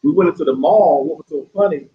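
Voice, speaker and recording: A man's voice: a little high, fast, breathy edge. A man from Atlanta, a guest, recounting his trip in an amused, casual way. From Atlanta, USA. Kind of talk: casual conversation. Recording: dull lo-fi sound.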